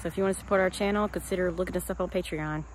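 A woman's voice: lowish voice, steady tone, very fast, a little hiss or hum. A woman with a Southern American accent chatting casually to her camera outdoors in her yard, rambling and restarting her sentences as a family vlogger. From West Tennessee, USA. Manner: rambling, chatty, trails off and restarts mid-thought. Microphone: handheld camera.

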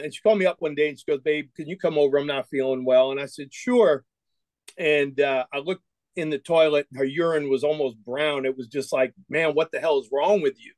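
Animated storytelling man, bright voice. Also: a little high, brisk, dry recording. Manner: animated storyteller, acts out quoted dialogue. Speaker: guest. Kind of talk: casual storytelling interview.

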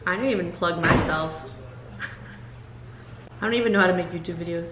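A woman's voice: on the low side, normal speed, a bit bright, echoey room, dull audio, slight background noise. A woman hosting a casual eating video at home, teasing her family and laughing while she eats. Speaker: vlogger and host. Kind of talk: casual mukbang chat. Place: family home during a meal.

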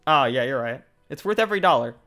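A young man streaming a game live, chatting casually, jokey and excitable, his voice jumping up when he gets indignant. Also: medium pitch, quick pace, music in the background. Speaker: VTuber streamer. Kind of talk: casual livestream chat.

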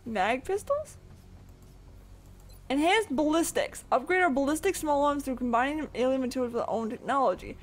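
A man's voice: very high voice, expressive, normal speed. A man casually commenting on his video game play, chatty and swearing freely as he reacts aloud. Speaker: let's play gamer.

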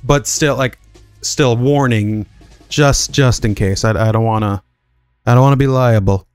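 A man's voice: mid-range voice, unhurried, a little mellow, smooth, dry recording, soft background music. Crude joking gaming streamer, a man. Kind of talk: casual gameplay commentary.

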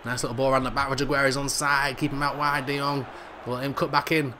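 A man hosting a football video game playthrough, joking around and commentating excitedly, bursting into shouts at goals. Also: mid-range voice, fast, noisy background. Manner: jokey, excitable, yells at goals. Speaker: gaming channel host.

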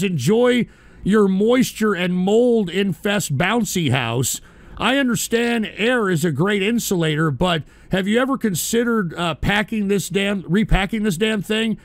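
A man hosting a live talk show, ranting angrily with profane, shouted outbursts and a habit of saying "all right". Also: sits high, gravelly, no room sound. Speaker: radio show host. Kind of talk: angry live-stream rant.

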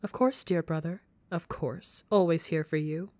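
A woman doing a hushed sinister spirit. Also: fairly low pitch, moderate pace, no room sound, lightly acted. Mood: coaxing. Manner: hushed, syrupy whisper in the ear. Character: sinister female spirit, soft and coaxing. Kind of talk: whispered role-play.

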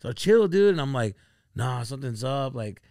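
A man on a comedy podcast telling a story casually, acting out his friends' lines with big jumps in pitch. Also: moderate pace, dry recording, studio quality. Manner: animated, acts out quoted friends with sudden jumps in pitch.

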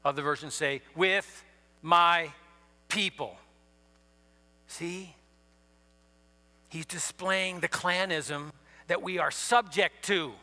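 A man giving a sermon in a university chapel, animated, swinging from quiet to loud. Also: a little high, slow, pauses often. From Ohio. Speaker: chapel speaker. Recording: reverberant chapel hall.

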